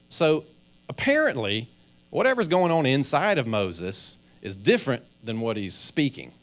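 A man's voice: medium pitch, big pitch swings, moderate pace. A man, a pastor, giving a conversational sermon, often acting out people's inner thoughts and restarting his sentences. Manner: conversational preaching, acts out inner voices, stammers on restarts.

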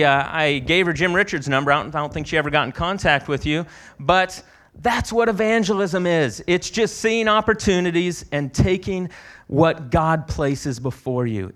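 Male preacher, slightly high voice, chatty storytelling sermon delivery. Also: a bit bright. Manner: conversational storytelling with restarts. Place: conference hall.

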